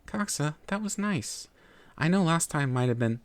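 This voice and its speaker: A man voicing a weary young mare who talks in a soft, coaxing baby voice. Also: fairly high pitch, expressive, moderate pace, no echo, voice pushed up, lightly acted. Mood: pleading sweetly. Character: mare pony narrator, weary, placating, sweet.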